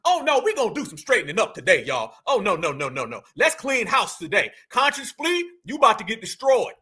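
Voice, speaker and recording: Man, high bright voice, mocking, emphatic, fiery commentary host, preacher-like call-outs. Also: big pitch swings, brisk. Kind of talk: fiery political commentary broadcast.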